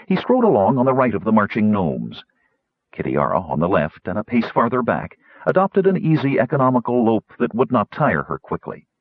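A man narrating an audiobook in a measured, expressive storytelling manner. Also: fairly low pitch, husky, no echo. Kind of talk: scripted narration. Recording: dull, dry recording.

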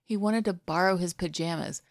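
A woman narrating a fan fiction story aloud in an even, intimate storytelling way. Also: fairly low pitch, moderate pace, no echo, clean studio sound. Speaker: podfic reader.

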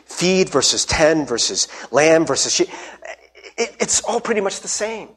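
Male pastor, high husky voice, lively preaching with acted-out quotes. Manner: animated storytelling, acts out quotes with shifting pitch. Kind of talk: sermon.

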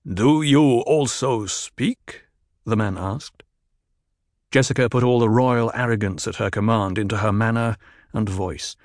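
A man narrating a novel in a calm, measured voice. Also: fairly low pitch, no room sound, studio quality. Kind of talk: audiobook narration.

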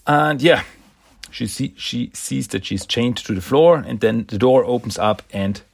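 A man's voice: medium pitch, unhurried, gravelly, dry recording. A man casually recapping a comic book issue, enthusiastic and rambling, often laughing and restarting words.

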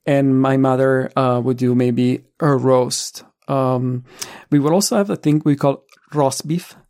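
A man hosting a podcast, talking in a relaxed way with frequent pauses and fillers. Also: medium pitch, clean tone. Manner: relaxed, thoughtful, many fillers. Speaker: podcast host. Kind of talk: casual conversation.

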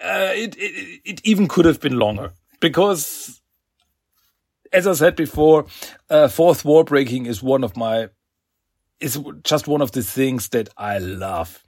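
A man's voice: a little high, animated, unhurried, dry recording, studio quality. A man hosting a podcast, giving an enthusiastic, chatty comic book review and laughing often. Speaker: podcast host.

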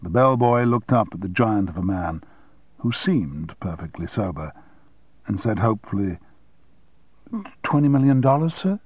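A man narrates an audiobook from a script in a measured, even storytelling style. His low voice is slightly rough, and the recording is dry.

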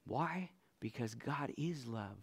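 A man preaching a sermon as pastor. His voice drops to a hush and then swells into loud, emphatic lines. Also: medium pitch, lively intonation, gravelly, breathy edge. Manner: swings from soft, hushed lines to loud emphatic declarations; slow and deliberate, stretching out scripture lines.

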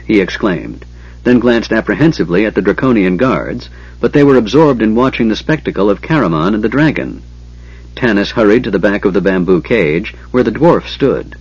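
Low husky male audiobook narrator. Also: very animated, moderate pace. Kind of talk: scripted fantasy narration. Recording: dull lo-fi audiobook recording.

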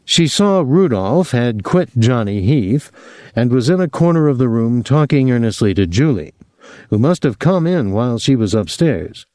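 A male audiobook narrator with a mellow, warm tone and a lively, rising and falling delivery. The recording is dry and close, with no room sound. He tells the story in a measured, expressive way. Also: mid-range voice, dry recording. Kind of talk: scripted narration.

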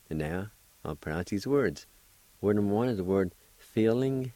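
A man hosting a radio language lesson, spelling out words and repeating each syllable deliberately. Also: on the low side, animated, mellow, dry recording. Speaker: language teacher and radio host.

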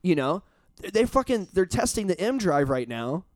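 Guy on a podcast, kinda high voice, rambly, swears a ton, dry close sound. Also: very animated, normal speed, dry recording. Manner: rambling, swears a lot, emphatic. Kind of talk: casual chat.

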